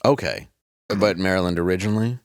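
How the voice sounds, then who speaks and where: Guy hosting a comedy podcast, low lively voice, dry close mic. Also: fairly quick, no room sound. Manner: joking, reads sponsor ad with mock gravity. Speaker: podcast host. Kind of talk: casual comedy podcast banter.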